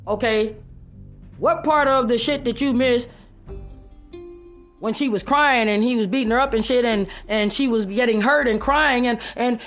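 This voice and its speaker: A woman hosting her own show, talking straight to viewers in a blunt, profane, preachy monologue that rises into loud rants. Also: on the high side, fairly even intonation, normal speed, muffled recording, faint music behind. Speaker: online show host.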